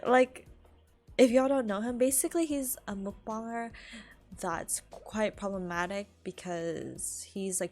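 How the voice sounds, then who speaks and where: A young woman from California chatting casually on a live stream, rambling, laughing often and filling her talk with "like". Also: mid-range voice.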